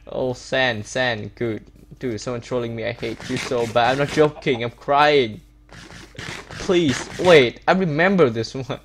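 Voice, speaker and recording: A man's voice: medium pitch, unhurried, slight background noise. A man giving gameplay commentary, upset and complaining, repeating himself and stumbling over his words. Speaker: Minecraft YouTuber. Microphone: desktop setup with webcam.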